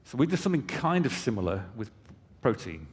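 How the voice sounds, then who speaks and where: A man with a medium-pitched voice and big pitch swings presents for his company on a conference hall stage, speaking fairly quickly. He explains things conversationally with casual comments to the audience, and the recording carries a long hall reverb.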